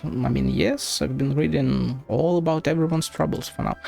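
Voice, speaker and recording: A man streams a video game and chats casually, muttering and swearing offhand at the screen. His voice is a bit high with a gravelly, creaky edge. Game music plays faintly behind him. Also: normal speed, hardly any pauses, mellow.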